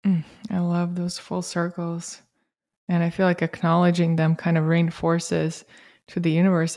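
Host, female, lowish steady voice, unhurried and reflective in casual talk. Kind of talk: casual conversation.

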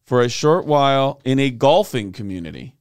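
A man's voice: mid-range voice, big pitch swings, moderate pace, clear, resonant tone, dry recording. A man co-hosting a podcast, telling anecdotes with wry, dry asides in casual chat. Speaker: podcast co-host.

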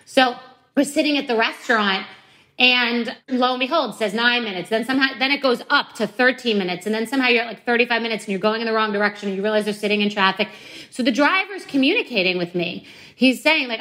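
Woman podcast host, bright voice, kinda high, chatty and jokey, laughs at herself. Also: quick pace. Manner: animated, joking, self-mocking. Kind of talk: casual storytelling monologue.

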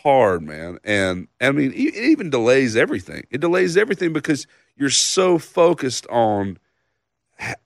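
A man's voice: mid-range voice, very animated, moderate pace, creaky, dry recording, clean studio sound. A man in his thirties, a songwriter guest, telling a casual story with laughs and a loose, slangy manner.

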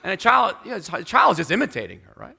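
A man preaching a sermon to his church, animated in delivery and acting out the people in his stories. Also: sits high, fast talker, creaky, breathy edge. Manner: animated, acts out quoted people in the story. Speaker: pastor.

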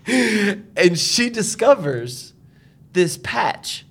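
A man's voice: high voice, drawn-out words. A young man co-hosting a podcast, telling a family story in casual chat, laughing often and acting out other people's lines. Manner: animated storyteller, laughs often, acts out his wife's lines. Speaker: podcast co-host.

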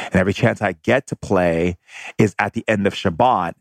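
Low gravelly guy telling a story from when he was a kid, gets animated, dry close sound. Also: fast, no echo. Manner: animated, laughs while recalling. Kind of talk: personal story monologue.

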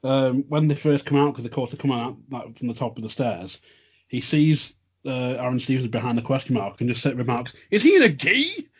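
A man with a husky, breathy mid-range voice tells a story in a loose, chatty way full of "like" and "um". The audio is dull and lo-fi. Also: medium pitch, fairly quick, a little mellow. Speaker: co-host. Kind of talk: casual chat.

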